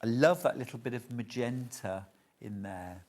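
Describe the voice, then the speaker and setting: A man's voice: mid-range voice, normal speed, darkish tone. A man presenting fabrics on a live home shopping show, chatty and full of enthusiasm.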